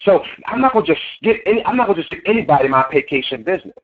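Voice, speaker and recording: A man's voice: high-pitched, sing-song, very fast. A man giving a motivational sales training talk in an emphatic, preachy way, repeating his key phrases. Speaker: network marketing trainer. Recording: tinny phone line.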